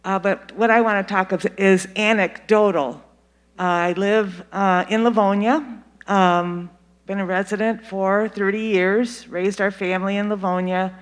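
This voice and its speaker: An older speaker from Detroit tells an anecdote at a community forum in a calm, unhurried way. The voice is smooth and resonant. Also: medium pitch. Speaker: community meeting participant. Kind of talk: public comment at a community forum. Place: meeting room.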